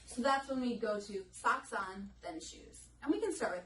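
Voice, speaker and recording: A woman speech language pathologist lectures live to an audience in a conversational style, sometimes acting out what children and parents say. Her voice is a little high, expressive and fairly bright at a normal pace. The echoey room was recorded from a distance with slight background noise.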